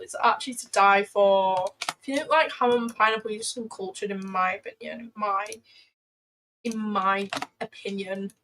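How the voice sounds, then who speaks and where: A woman's voice: on the high side, steady tone, moderate pace, a bit bright, poor audio. A young woman chatting casually on a livestream, playful and rambling as she reacts to her chat. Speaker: trading livestreamer.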